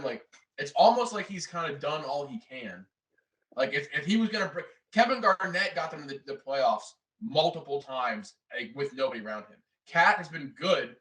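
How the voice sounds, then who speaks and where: A young man with a bright, slightly tense voice rambles through his sports opinions, full of fillers. He sits back from the mic. The room is echoey and roomy. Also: a little high, recorded from a distance. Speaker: podcast co-host. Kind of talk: casual chat.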